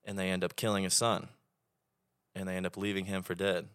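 Recorded dry with a clean studio sound, this podcast guest is a young man from Oklahoma, accent and all, who swears plenty while casually chatting and telling lively stories. His deep voice is clear and resonant, and he speaks fairly quickly.

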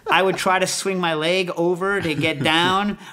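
A man hosting a podcast, telling a rambling, animated story in casual chat. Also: sits high, moderate pace. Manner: rambling, animated, lots of fillers. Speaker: podcast host.

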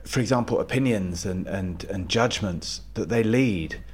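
A male podcast host with a lowish voice reflects aloud in conversation. He feels his way through each idea and pauses to rephrase mid-sentence. His tone is measured and thoughtful. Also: slightly rough. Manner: thoughtful, searching for words. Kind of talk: conversational interview.

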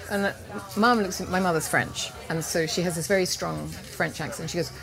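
A woman cooking teacher telling a lively personal story as an interview guest at an outdoor market event. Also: lowish voice, normal speed, creaky. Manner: animated anecdote-telling with laughs and quoted voices. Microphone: handheld interview mic, live recording.

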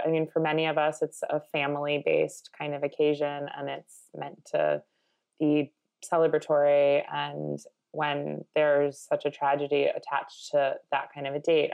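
Gravelly low-voiced woman host. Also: a little mellow. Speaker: podcast host. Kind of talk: casual interview.

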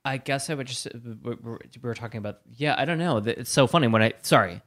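A man's voice: mid-range voice, quick pace, fairly bright tone. A man co-hosting a podcast in casual chat, cracking goofy jokes and mock outbursts. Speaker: podcast co-host.

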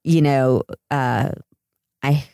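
An American woman speaking as a podcast guest, chatting in a relaxed way with frequent ums. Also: extremely low pitch, extremely slow, vocal fry, smooth, dry recording, clean studio sound. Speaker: education consultant guest. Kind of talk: casual interview chat.

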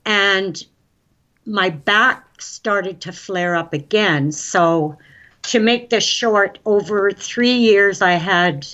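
An excitable woman guest, chatty and quick to tell a story, with a voice of ordinary pitch for a woman. Her audio sounds dull and lo-fi, as if heard through a muffled line. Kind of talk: casual conversational interview.

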